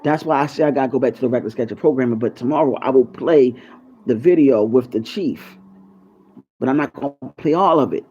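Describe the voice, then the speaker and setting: A man's voice: mid-range voice, fast talker, darkish tone, slightly rough. Rambling, conspiratorial man on a lo-fi mic. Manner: loose, rambling, conspiratorial, curses freely. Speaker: YouTube channel host. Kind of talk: casual freestyle monologue to viewers.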